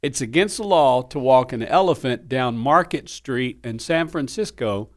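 A man co-hosting a radio show, reading trivia questions playfully and repeating each one slowly, in a studio. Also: medium pitch, lively intonation. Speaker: radio co-host, quizmaster.

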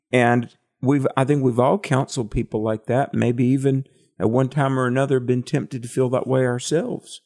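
A man's voice: medium pitch, fairly even intonation, normal speed, hardly any pauses, a little mellow. A man co-hosting a radio Bible study, thoughtfully explaining scripture wording.

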